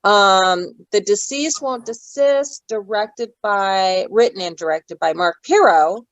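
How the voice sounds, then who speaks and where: A talkative woman guest speaks in a relaxed interview, drifting from one point to the next. Her voice sits at a middle pitch. It is recorded close and dry, with no room sound. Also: slow, no echo, rough recording. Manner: chatty and digressive, loses her thread. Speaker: actress guest. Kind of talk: casual interview chat.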